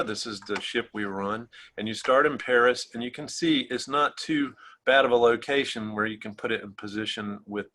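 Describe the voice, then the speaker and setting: A man hosts a relaxed online travel talk over a video call. His voice is bright and ringing, and he talks in a friendly, easygoing way with small fillers and light laughs. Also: lowish voice, rough recording. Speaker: travel agency host. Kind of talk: casual virtual presentation.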